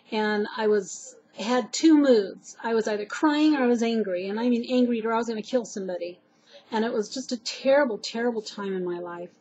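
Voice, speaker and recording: A woman's voice: fairly high pitch, a little mellow, lo-fi sound. A woman earnestly sharing personal life advice with her viewers, rambling a little with fillers and restarts. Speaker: vlogger giving advice. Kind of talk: heartfelt personal advice to camera.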